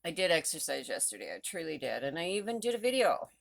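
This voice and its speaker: Low-pitched and creaky, this woman talks fast with big swings in pitch, chatting casually into a handheld phone during a rambling morning vlog at home. She laughs often and is out of breath after rowing. The sound is clean, studio-like, with no echo.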